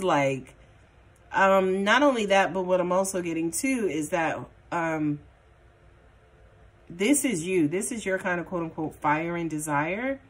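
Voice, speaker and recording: Blunt, chatty woman tarot reader on the lower side of pitch; loose, casual delivery with profanity. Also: lively intonation, unhurried. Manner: chatty and blunt, swears casually, many fillers. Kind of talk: casual tarot reading monologue.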